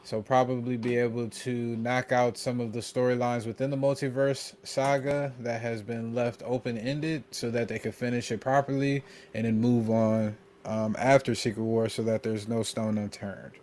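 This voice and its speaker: Uomo che legge notizie in un podcast casual. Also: male voice, medium pitch, little pitch movement, moderate pace, hardly any pauses, darkish tone, a little hiss or hum. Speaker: podcast co-host. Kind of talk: casual podcast chat, reading out an article and Q&A.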